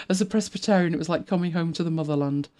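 A woman's voice: fairly low pitch, brisk, darkish tone. A woman in her fifties hosting a podcast in casual, rambling chat, laughing often and now and then dropping to a whisper. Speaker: podcast co-host.

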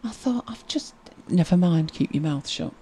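A woman's voice: moderate pace, slightly rough. A woman hosting a casual livestream, chatting and telling wry anecdotes as she reads viewer comments. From Britain. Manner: chatty, wry storytelling with lively pitch swings. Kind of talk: casual chat.

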